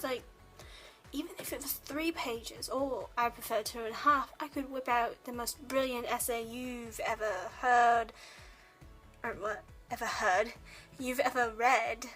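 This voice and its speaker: A woman's voice: fairly high pitch, fairly bright tone, poor audio. A young woman from the United States, a college student chatting casually to camera in a put-on British accent, rambling with lots of ums. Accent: put-on British English. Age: young adult.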